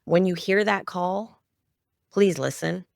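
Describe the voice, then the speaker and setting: A middle-aged woman talks as a podcast guest, her storytelling heartfelt and emotional. Her voice has a gravelly texture. The sound is dry and close. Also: lowish voice, takes it slowly, no room sound. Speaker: podcast guest, children's media founder. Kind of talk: interview storytelling.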